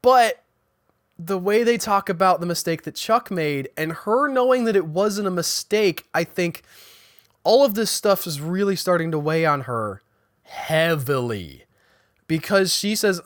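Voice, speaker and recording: A man with a fairly high voice talks through a TV episode in a loose, chatty recap. He often trips over his words and restarts sentences, and he paraphrases what the characters said. The sound is close and dry, with no room echo. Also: animated, a little slow, fairly bright tone. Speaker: podcast host recapping a TV episode. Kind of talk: casual spoken recap.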